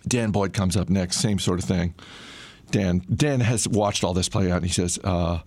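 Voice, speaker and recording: Middle-aged male storyteller, low and gravelly, dry close sound, laid-back anecdote delivery. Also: normal speed, no echo. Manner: relaxed, conversational, frequent "uh" fillers. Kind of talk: casual personal storytelling.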